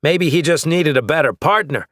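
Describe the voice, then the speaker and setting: A man's voice: a little high, moderate pace, fairly bright tone, dry recording, voice pushed up. A man voicing a male gunfighter who trades dry, needling quips under fire, in an audiobook.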